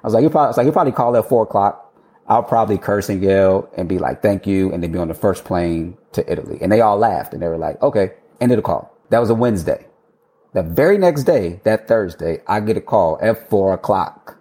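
A man with a low, dark, mellow voice recounting his career as a guest in a relaxed interview. He slips into his past self's words as he goes, laughs often and doesn't hold back the swearing. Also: fast. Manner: animated, quotes himself, swears and laughs freely. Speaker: architect guest. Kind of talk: casual storytelling interview.

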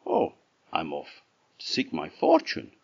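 A man's voice: very deep voice, wildly swooping pitch, a little slow, creaky, breathy edge, no echo, heavily acted. A man with an Orcadian Scottish accent voicing Jack, a cheerful, clever young boy in a folk tale. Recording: dull lo-fi recording.

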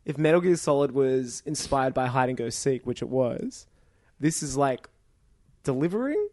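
A man's voice: medium pitch, animated, normal speed, a little mellow, no room sound, studio quality. A man co-hosting a casual gaming podcast, rambling and laughing often. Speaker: podcast co-host.

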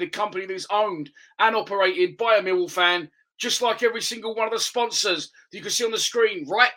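A man's voice: high voice, sharp tone, rough recording. A man hosting a football podcast, giving an opinionated, conversational fan's preview of the next match. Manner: opinionated, conversational fan analysis.

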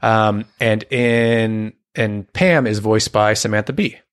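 A man's voice: fairly low pitch, takes it slowly, smooth. A man co-hosting a podcast, chatting enthusiastically about a cartoon and laughing often. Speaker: podcast co-host. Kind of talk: casual chat about a cartoon.

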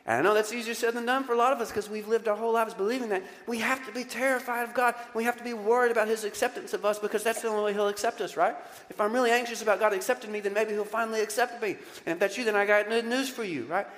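A male pastor preaching a lively, conversational sermon and often putting questions to the congregation. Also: high-pitched, racing, long reverb tail. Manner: animated, conversational, asks the crowd questions.

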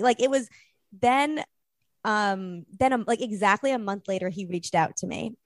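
A woman's voice: medium pitch, normal speed, dry recording, studio quality. A young woman, a podcast guest, telling a rambling story in casual chat and acting out the quotes.

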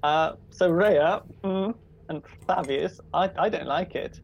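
A player at a tabletop game speaks with a gravelly rasp and a wry, gossipy manner. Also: mid-range voice, takes it slowly, highs cut off. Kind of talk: casual tabletop play.

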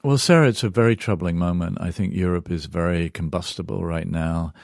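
A man's voice: sits low, brisk, gravelly, a little mellow, no echo, clean studio sound. A middle-aged Englishman, an author and journalist answering interview questions in a thoughtful way, searching for words and turning emphatic when moved. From England.

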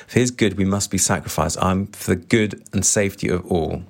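A man's voice: sits low, fairly quick, gravelly. A man voicing a defensive, stubborn male guerrilla leader in a read-aloud novel passage, speaking grudgingly. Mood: resentful.

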